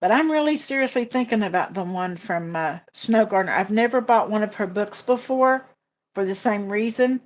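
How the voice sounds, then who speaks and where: A woman's voice: mid-range voice, moderate pace. Chatty woman hosting a budget livestream. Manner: chatty, hesitant, many fillers and restarts. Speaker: budgeting channel host. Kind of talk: casual livestream chat reading comments.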